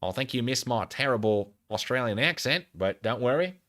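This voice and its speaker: A man's voice: mid-range voice, lively intonation, normal speed, noisy background. A man casually commenting on a video during a live stream, cracking jokes and laughing. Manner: joking asides and laughs.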